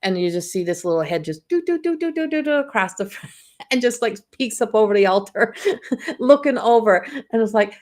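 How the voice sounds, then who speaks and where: A woman in her fifties, a psychic medium, talking gently and encouragingly on a live stream and laughing often. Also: mid-range voice, moderate pace. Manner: tells family anecdotes with mimicked voices. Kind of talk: live-stream spiritual talk.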